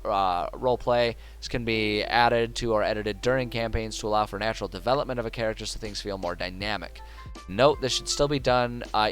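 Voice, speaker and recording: A young man with a lowish voice talks casually on a livestream, working out ideas aloud and stumbling through fillers and false starts. Soft music plays faintly underneath. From United States. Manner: rambling, thinking aloud with many fillers and restarts. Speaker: streamer. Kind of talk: casual livestream talk while world-building.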